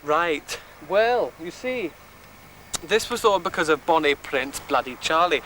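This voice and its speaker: A man's voice: on the high side, lively intonation, a little slow, sharp tone. An Englishman putting on a rambling Scottish guide. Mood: mock-earnest. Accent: put-on Scottish. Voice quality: rambling, mock-earnest explaining. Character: mock Scottish tour guide, rambling and bumbling man. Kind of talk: comic mock history lecture. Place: open moor outdoors. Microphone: handheld camcorder mic. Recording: noisy outdoor camcorder audio.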